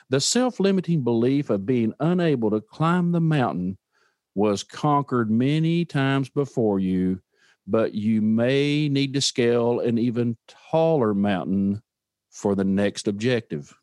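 A man's voice: mid-range voice, a little mellow, no room sound, studio quality. A man giving an earnest, emphatic motivational talk and repeating his key words for effect. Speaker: motivational speaker.

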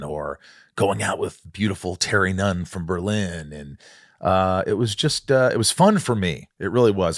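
A man's voice: low-pitched, no echo, studio quality. A man hosting a podcast, talking in a gushing, rambling, enthusiastic way. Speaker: podcast host. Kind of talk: casual podcast chat.

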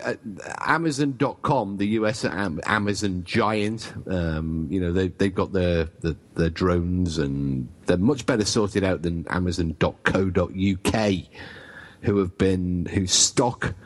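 Man, co-host, low-pitched, wry, rambling, remote call audio. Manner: wry, rambling, self-deprecating. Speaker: podcast co-host. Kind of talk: bantering podcast chat.

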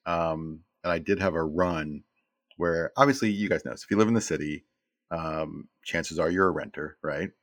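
A man in his fifties with a deep, low voice tells stories as an interview guest. He rambles, restarts and repeats words, and he sounds close and dry, with no room around him. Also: moderate pace, no echo. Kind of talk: casual storytelling in an interview.

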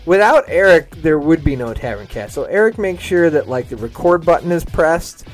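A man's voice: a little high, sing-song, normal speed, soft background music. An emphatic man explaining a team role. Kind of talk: casual interview remarks.

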